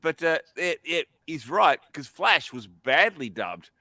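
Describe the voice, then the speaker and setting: A man's voice: on the high side, sing-song, measured pace, bright, forceful tone, no room sound. A man joking and stammering in casual stream banter.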